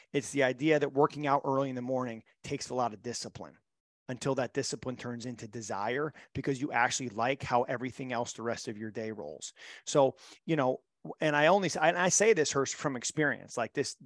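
A man's voice: medium pitch, a bit bright, no echo, clean studio sound. A middle-aged man and mental performance coach, telling stories in a podcast interview with a blunt, emphatic, motivational manner.

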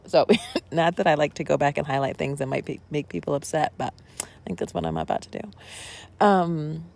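A woman's voice: deep voice, lively intonation, normal speed, gravelly, darkish tone. A woman pastor talking casually about her sermon, rambling and conversational with many asides. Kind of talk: casual spoken reflection on a sermon.

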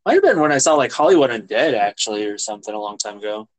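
Racing through his words, a podcast co-host talks enthusiastically and loosely about songs, leaning heavily on "yeah" and "like." His medium-pitched male voice swings widely in pitch, and the recording is rough.

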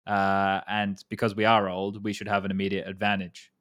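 A man's voice: sits low, completely flat delivery, moderate pace, a bit bright. A man in his thirties hosting a casual esports chat, rambling, swearing casually and restarting his sentences. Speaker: podcast host.

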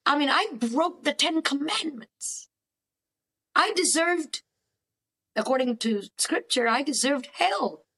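A woman therapist speaking in an animated, emphatic way about faith, often repeating phrases for stress. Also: high-pitched, slow pace, rough recording. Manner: animated, acts out dialogues with God. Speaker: cognitive therapist guest. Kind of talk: faith-based counseling talk.

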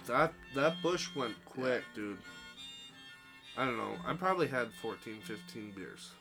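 A man's voice: mid-range voice, animated, a little slow, vocal fry. A young man co-hosting a podcast in loose, profane, rambling chat, hungover. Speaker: podcast co-host. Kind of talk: casual chat. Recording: music playing behind.

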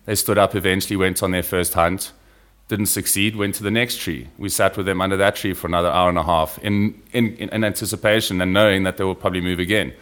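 A man talking as a podcast guest, telling field stories in a relaxed, anecdotal way and dropping his voice low when he describes animals. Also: fast. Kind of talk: casual conversational storytelling.

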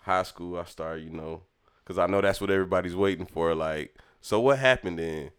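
A man's voice: low-pitched, normal speed, clear, resonant tone. A young man, casually telling stories from his childhood, laughing often and acting out quotes. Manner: laid-back, laughs often, acts out quotes. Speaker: podcast storyteller. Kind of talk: casual storytelling.

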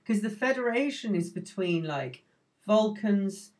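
A man co-hosting a podcast in casual chat, relaxed and wry, sometimes rambling. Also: sits high, a little slow. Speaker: podcast co-host.

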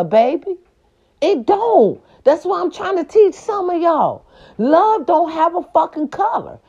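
Woman telling a story casually, swears a lot, keeps going "you understand me?", mellow voice, kinda muffled lo-fi audio. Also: very high-pitched, a little slow. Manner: animated, emphatic and profane, with frequent rhetorical check-ins.

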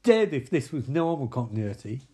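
A man's voice: medium pitch, very animated, normal speed, mellow, husky, voice pushed down. A man voicing a brash young wife who swears and bosses her husband. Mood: brusque. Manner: brusque, swearing.

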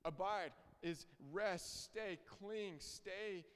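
A man's voice: high voice, very slow, fairly bright tone, clear, resonant tone. A young man preaching a sermon, earnest and emphatic, repeating his key phrases. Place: church hall. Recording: reverberant hall.

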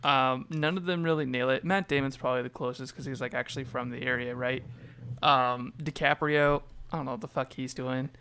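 A man's voice: medium pitch, steady tone, a little fast, sharp tone, a little hiss or hum. A man in a casual podcast chat, talking loosely with lots of fillers and swearing. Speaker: podcast co-host.

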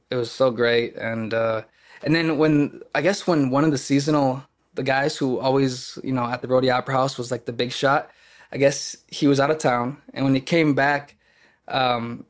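This clip has a young Midwestern actor from Kenosha, Wisconsin, talking casually as a guest on a podcast. His mid-range voice keeps a fairly even intonation at normal speed, and he rambles, restarting often and leaning on fillers.

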